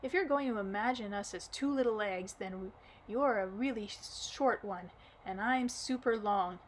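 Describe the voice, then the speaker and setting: Woman reading as a boastful, brash dark-haired man. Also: medium pitch, normal speed, slight background noise, natural voice, poor audio. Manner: bragging, punchy outbursts.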